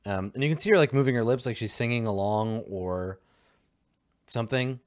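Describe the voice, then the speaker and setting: A man's voice: medium pitch, lively intonation, a little fast. Rambling man running a tabletop game. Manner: loose, rambling description full of fillers. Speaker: game master.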